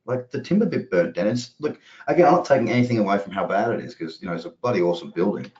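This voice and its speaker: Fast-talking and expressive, this man has a lowish, somewhat dark voice. Working as a trading educator, he delivers loose, rambling live market commentary with plenty of casual swearing. It's captured in dull, roomy lo-fi sound.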